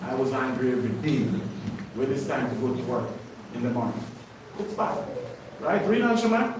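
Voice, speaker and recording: A man's voice: medium pitch, very animated, normal speed, noisy background. Preaching man, echoey room, far off. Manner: preaching with call-and-response questions. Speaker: teacher of a congregation. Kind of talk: sermon-style Bible study. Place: congregation hall.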